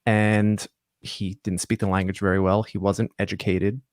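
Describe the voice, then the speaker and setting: A man from Long Island, New York, telling his family business story as a guest in a relaxed, casual interview. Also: lowish voice, normal speed, no echo, clean studio sound. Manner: relaxed, storytelling, many fillers. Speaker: guest, company executive.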